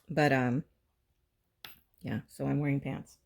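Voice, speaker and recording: A woman's voice: very deep voice, slow, gravelly, long pauses, darkish tone. A middle-aged woman from Texas hosting a crafting video, telling family stories in a chatty way and acting out what everyone said. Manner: chatty storyteller, acts out family dialogue with raised voice. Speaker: crafting channel host. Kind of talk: casual chat while crafting. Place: home.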